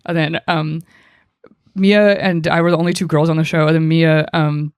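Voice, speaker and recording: A woman's voice: sits low, flat delivery, moderate pace, clean tone, dry recording, studio quality. A woman comedian guesting on a podcast, telling stories casually with lots of ums and giggles. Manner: storytelling, giggly, many ums. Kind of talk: casual chat.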